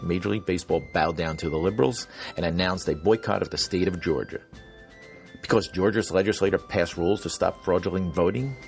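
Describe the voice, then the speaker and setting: A man reading a scripted political radio ad in a folksy, persuasive way, with a music bed behind him. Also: low-pitched.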